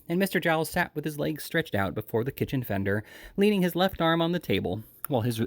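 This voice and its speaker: A man reading a classic novel aloud as an audiobook, lively and expressive, with small slips and restarts. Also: medium pitch, no room sound. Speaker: audiobook reader.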